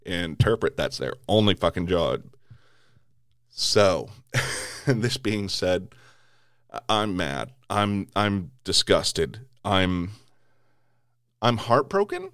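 A man's voice: deep voice, lively intonation, very slow, long pauses, fairly bright tone, dry recording, clean studio sound. A man hosting a podcast, delivering an angry political rant full of swearing and stumbling restarts. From United States. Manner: heavy swearing, repeated restarts.

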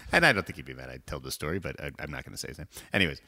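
A man in his thirties co-hosting a casual podcast, an animated storyteller. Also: a bass voice, very fast. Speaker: podcast co-host. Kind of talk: casual chat.

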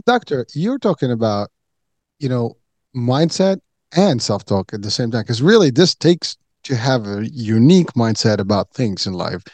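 This interview host is a man with a medium-pitched, very animated voice that's a little mellow, speaking at a moderate pace. His long questions ramble, full of restarts and fillers. The recording is dry.

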